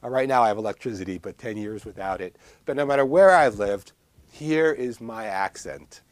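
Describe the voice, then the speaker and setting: A man's voice: on the low side, lively intonation, normal speed, no echo. Chatty man with a New York accent. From Long Island, New York. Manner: chatty, digressive, self-deprecating asides; gestures a lot while talking. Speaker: herbalist teacher. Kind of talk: casual filmed lecture.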